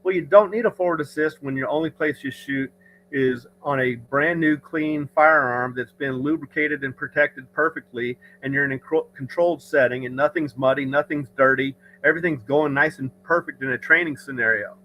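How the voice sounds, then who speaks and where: A man's voice: a little high, pushed and bright, low-quality recording. A man hosting a casual livestream chat, talking in an opinionated, rambling way with frequent restarts. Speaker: podcast host. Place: rural home studio.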